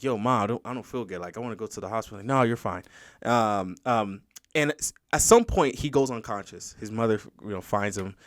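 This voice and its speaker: A man's voice: lowish voice, dry recording, studio quality. A man hosting a casual podcast conversation, telling a story with many restarts and quoting other people's voices as he goes. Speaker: podcast host.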